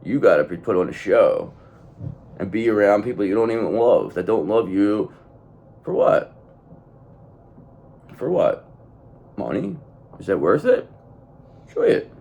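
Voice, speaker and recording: A man's voice: on the low side, big pitch swings, moderate pace, creaky, a little mellow, muffled recording. A man giving a blunt, profane tarot reading to his viewers, hammering points home by repeating the same phrase. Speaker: tarot reader.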